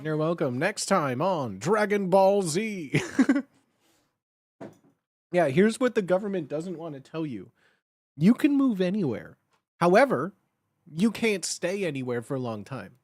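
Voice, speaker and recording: High-voiced rambling male streamer. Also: big pitch swings, unhurried, long pauses, a little mellow. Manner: rambling, full of "like" and restarts; playful and jokey. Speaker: livestream host. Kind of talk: casual livestream chat with viewers.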